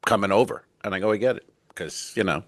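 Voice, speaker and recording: A middle-aged comedian with a low voice rambles through a profane story, acting out every line he quotes. The sound is dry and close, with little room around it. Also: fast, no room sound. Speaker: stand-up comedian and podcast co-host. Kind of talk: casual comedic chat. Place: cruise ship cabin.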